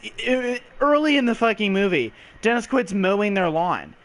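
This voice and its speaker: High-voiced man chatting about a movie. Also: very animated, normal speed. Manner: rambling, acts out quotes, swears. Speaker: podcast co-host. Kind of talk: casual movie review chat.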